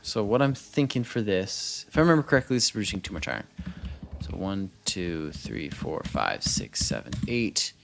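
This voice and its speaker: A low-pitched man with a gravelly edge to his voice, chatting casually as he streams a game. His delivery swings up and down in pitch as he thinks aloud, cuts himself off mid-sentence and mutters numbers under his breath. A faint hiss sits under the recording. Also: expressive, moderate pace. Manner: thinks aloud, trails off and restarts, mutters counts; chatty, answers viewers as he plays. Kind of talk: casual gameplay commentary.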